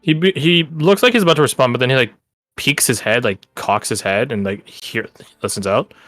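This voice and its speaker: A man narrates a tabletop game as game master, loosely, with lots of "like". His voice sits at a middle pitch. It sounds dry and close. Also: fairly quick, a bit bright, no echo, faint music behind. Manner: loose narration, many fillers like "like".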